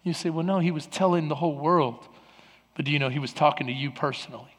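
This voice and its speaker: Brief: male pastor preaching in a big church, high voice, long reverb, repeats himself. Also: fast talker. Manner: preaching with a loud, lively delivery that drops to soft, earnest talk; repeats words and restarts often. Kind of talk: sermon. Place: large church.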